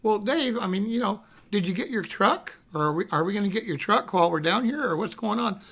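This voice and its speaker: A middle-aged man rambling through a casual anecdote, often adding "you know what I mean" and loudly acting out what people said. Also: high-pitched, lively intonation, fairly quick, creaky, slightly rough. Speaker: storyteller.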